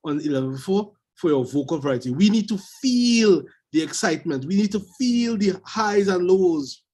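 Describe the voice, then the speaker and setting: A man's voice: high-pitched, animated, normal speed, darkish tone. A man evaluating a speech on a video call, emphatic and repeating his key advice.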